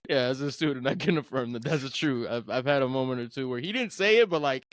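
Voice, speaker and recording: Fast-talking animated podcast host, a man. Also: medium pitch, no room sound, clean studio sound. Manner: animated storyteller, acts out quotes. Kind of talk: casual podcast conversation.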